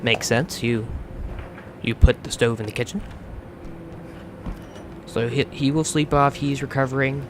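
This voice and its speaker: A man's voice: medium pitch, steady tone, measured pace, pauses often, background noise. An American man hosting a gaming channel, giving chatty let's play commentary as he plays, swearing freely and restarting words. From United States.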